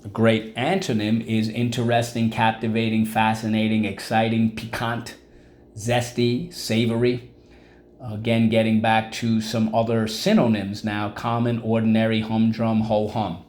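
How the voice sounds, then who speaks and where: A man's voice: lowish voice, monotone, unhurried, a little mellow. A man teaching a vocabulary lesson, repeating words syllable by syllable and asking the class questions. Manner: asks class-style questions like "What's the word?".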